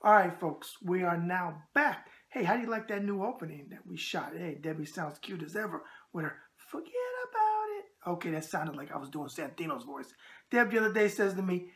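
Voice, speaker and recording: A man's voice: high voice, brisk, fairly bright tone. Chatty New York man hosting. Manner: chatty, tough-guy catchphrases, emphatic. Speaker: host. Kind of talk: casual boxing video show chat.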